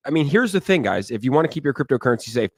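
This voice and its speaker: A man's voice: medium pitch, big pitch swings, very fast, no room sound, clean studio sound. A man in his thirties hosting a casual crypto talk show, emphatic and repeating words for stress. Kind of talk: casual podcast chat.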